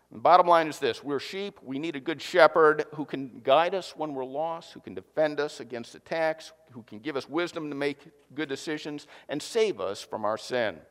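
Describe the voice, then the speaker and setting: A man preaching a sermon to a congregation, joking and lively, with asides to the audience. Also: on the high side. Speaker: pastor. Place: church hall. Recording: long hall reverb.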